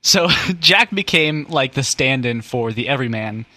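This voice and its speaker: Bright-voiced joking man. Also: medium pitch, animated, measured pace, no echo. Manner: joking, rambling explainer. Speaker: podcast host. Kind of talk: casual comedic chat.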